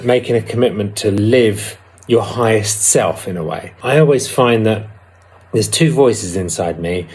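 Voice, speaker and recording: A man with a husky, low-pitched voice talks candidly about working a twelve-step recovery program. He sounds reflective and personal and now and then hesitates to find his words. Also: darkish tone. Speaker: recovery vlogger.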